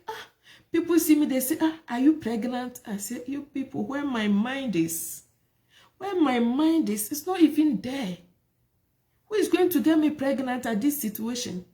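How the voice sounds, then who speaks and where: A woman with a high, darkish voice gives a personal testimony about her life. Her telling is emotional, repeats itself, and leans on rhetorical questions.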